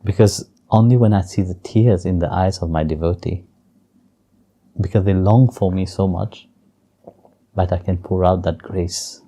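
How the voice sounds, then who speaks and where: A man telling a devotional story in an interview and teaching with gentle, chuckling warmth and simple, non-native phrasing. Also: low-pitched, fairly even intonation, measured pace. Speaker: spiritual teacher.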